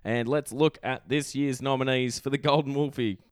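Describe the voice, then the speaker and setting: A man's voice: mid-range voice, fairly even intonation, normal speed, smooth, no room sound, clean studio sound. Laughing male podcast co-host. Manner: laughs often, teasing. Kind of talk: casual sports podcast chat.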